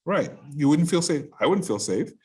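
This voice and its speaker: A man teaching an online class over a video call, speaking haltingly with restarts and rhetorical questions. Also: fairly high pitch, big pitch swings.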